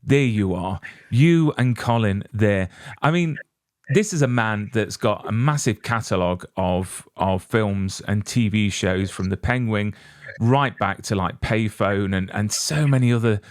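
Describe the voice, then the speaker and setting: A British interview host with a lowish voice speaks a little slowly, chatty and joking at his own expense during a casual interview. The sound is studio quality, with no echo.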